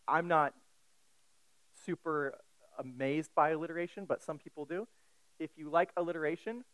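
A man preaching an expository sermon, emphatic and deliberate, with casual asides and quick self-corrections. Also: fairly high pitch, no echo, poor audio. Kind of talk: sermon, expository Bible teaching.

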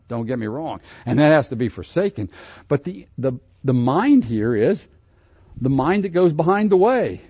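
Husky-voiced man preaching a sermon. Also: medium pitch, a little mellow, dry recording, dull audio. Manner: conversational preaching with rhetorical questions, emphatic rises. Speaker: pastor.

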